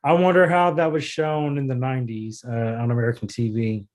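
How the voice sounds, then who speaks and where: Male co-host for a casual podcast, easygoing recap delivery, average pitch. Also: normal speed. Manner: relaxed recapping, with fillers like "uh" and "um". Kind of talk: casual chat.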